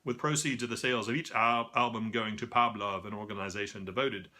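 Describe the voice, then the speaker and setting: Bright-voiced man reading record listings wryly. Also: lowish voice, steady tone, a little fast. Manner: reads listings with wry asides and self-mocking stumbles. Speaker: record store staff presenting new releases. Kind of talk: casual scripted product rundown.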